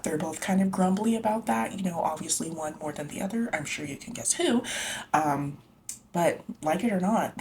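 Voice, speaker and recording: Low-voiced woman, casual slangy book vlogger, swears freely. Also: a little hiss or hum. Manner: chatty, slangy, lots of "like" and "you know", swears freely.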